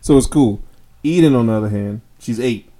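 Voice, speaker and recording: Un hombre que charla de forma relajada y bromista en una conversación casual, a veces con suspiros. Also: male voice, mid-range voice, fairly quick, dark tone. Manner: jokey, laid-back, trails off with sighs. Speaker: podcast co-host. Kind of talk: casual chat.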